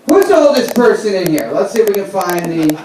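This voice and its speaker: A man from the Bronx, doing a loud, brash stand-up set on a handheld microphone at a brewery. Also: high voice, brisk, slight background noise. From the Bronx, New York. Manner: loud, brash, animated storytelling to a crowd. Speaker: stand-up comedian. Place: brewery stage with a live audience. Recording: echoey room recorded from far off.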